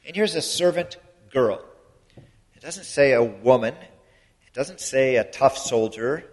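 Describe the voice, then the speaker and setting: A man preaching a sermon in an earnest, explanatory way, his loudness rising and falling for emphasis. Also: mid-range voice, expressive, measured pace. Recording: long hall reverb.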